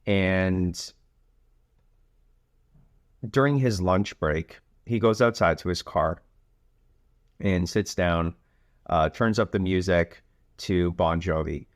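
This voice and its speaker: A man who hosts a coaching podcast, telling a story in a relaxed way with frequent filler phrases. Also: sits low, slow, long pauses, no echo, clean studio sound. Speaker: youth soccer coach and podcast host.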